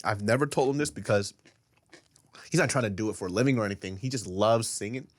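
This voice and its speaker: A man's voice: on the low side, quick pace, dry recording. A man co-hosting a casual podcast, talking bluntly with swearing and teasing jokes. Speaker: podcast co-host. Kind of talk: casual chat.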